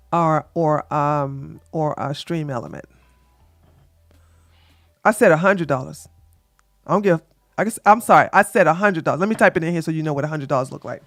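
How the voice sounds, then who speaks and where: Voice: medium pitch, lively intonation, measured pace, pushed and bright, dry recording, clean studio sound, faint music behind. A live-stream dating advice host talking to the chat, brash and scolding, trash-talking with bursts of laughter and repeating phrases for emphasis.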